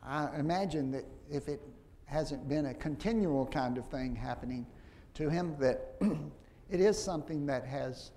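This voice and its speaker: A man preaching a sermon, slow and halting, with frequent restarts and fillers. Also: on the high side, dark tone.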